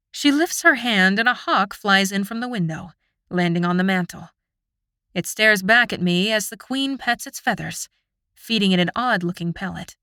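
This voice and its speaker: A woman's voice: medium pitch, fairly bright tone, no echo, studio quality. A woman reading a fantasy novel aloud in the first person, tense and earnest. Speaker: audiobook narrator. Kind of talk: scripted first-person narration.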